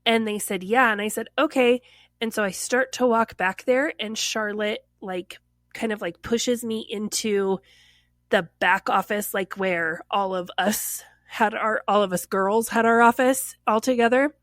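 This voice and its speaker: A woman's voice: medium pitch, a little slow, no echo, clean studio sound. A woman casually telling a personal story on a podcast, acting out what others said and filling her speech with "like.". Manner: animated, acts out quoted voices, lots of "like".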